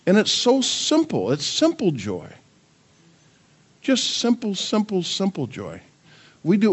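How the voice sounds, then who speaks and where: An older man preaching a sermon, firing rhetorical questions at the congregation and joking with his grandchildren. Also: high voice. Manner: animated, asks the audience many questions. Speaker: pastor.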